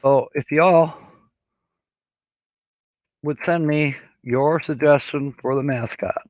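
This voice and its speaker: A man's voice: a little high, no room sound. A man hosting a casual live stream, chatting in a rambling, easygoing way and reading out viewer comments. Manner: slow, easygoing delivery with many fillers. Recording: dull lo-fi sound, dry room.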